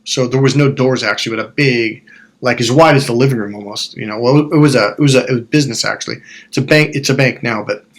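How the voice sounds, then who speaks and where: A man's voice: medium pitch, fairly bright tone. Frank storytelling male coach. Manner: frank, swears and apologizes for it; rambling, self-correcting. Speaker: life coach and hypnotherapist. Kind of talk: storytelling monologue.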